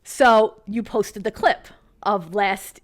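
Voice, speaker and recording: A woman co-hosting a podcast, chatting casually and telling stories in an animated, profane way. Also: mid-range voice, takes it slowly. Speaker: podcast co-host. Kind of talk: casual chat.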